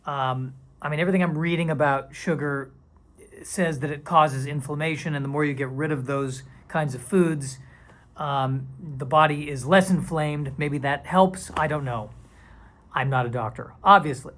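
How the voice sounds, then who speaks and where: A man's voice: a little high, moderate pace, a bit bright. A man talking casually to camera in a vlog, rambling and playful, sometimes dropping into silly whispers and mock dramatic voices. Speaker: video creator.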